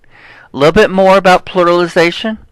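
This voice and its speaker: A man teaching a Spanish lesson, explaining grammar step by step and checking in with "okay?", saying example words slowly. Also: high voice, steady tone, clean tone, dry recording, poor audio. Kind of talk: recorded classroom lesson.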